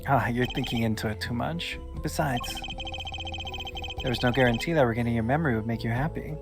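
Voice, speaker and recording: A player voicing an easygoing middle-aged male lawyer in a plain, relaxed reading over game music. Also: medium pitch, brisk, close to an everyday voice. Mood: wry.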